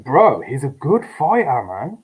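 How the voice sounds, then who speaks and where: A man's voice: mid-range voice, wildly swooping pitch, unhurried, slightly rough. Laid-back man chatting casually. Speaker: sports betting show co-host. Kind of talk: casual live-stream banter.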